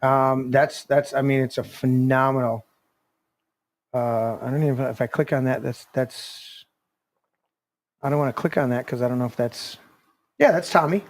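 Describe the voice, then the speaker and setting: A man's voice: mid-range voice, fairly even intonation, moderate pace, pauses often. A man hosting a podcast, telling a rambling casual story with many restarts. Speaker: podcast host. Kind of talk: casual chat.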